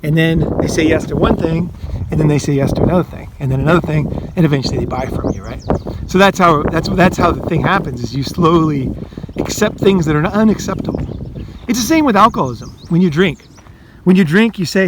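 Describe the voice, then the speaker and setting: A man's voice: on the high side, animated, a little fast, noisy background. A man who coaches and hosts videos, talking bluntly to the viewer in a casual monologue, full of profanity and "you know"s, acting out inner voices. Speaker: life coach and video host.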